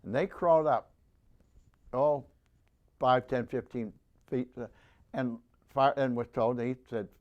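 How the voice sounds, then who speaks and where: Speaking a little slowly with long pauses, a veteran man in his nineties tells a rambling war story in a mid-range voice whose highs are cut off. Recorded as oral history, he restarts often and voices the people he quotes.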